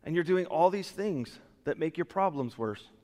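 Animated preacher man in a reverberant hall. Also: a little high, normal speed. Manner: animated, acts out quoted excuses, voice rises and drops sharply. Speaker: pastor. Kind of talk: sermon. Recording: long reverb of a church hall.

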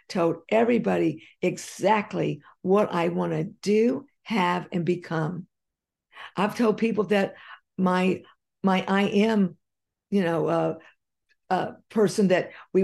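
A woman's voice: medium pitch, vocal fry, darkish tone. A woman giving an earnest, encouraging motivational monologue straight to her audience, often repeating her phrases. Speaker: motivational speaker.

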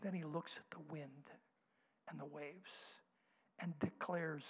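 A man preaching a sermon, dropping to soft whispers and rising to loud, slow declarations. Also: fairly high pitch, steady tone, husky. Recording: dull sound with long hall reverb.

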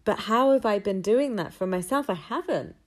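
A woman's voice: mid-range voice, lively intonation, normal speed. A woman telling a personal story in a candid, rambling, reflective way.

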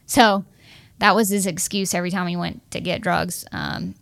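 Young woman, bright crisp voice, earnest storytelling, acts out the dialogue. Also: mid-range voice, a little slow. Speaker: guest sharing her marriage story. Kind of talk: emotional personal storytelling.

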